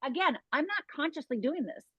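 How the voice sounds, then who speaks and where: Woman, coach, emphatic, plays out inner voices, high-ish voice, dry sound. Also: lively intonation, a little fast, sharp tone, dry recording. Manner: emphatic, acts out inner voices, tags "right?". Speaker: fear coach guest. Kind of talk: interview conversation. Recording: dull lo-fi call audio.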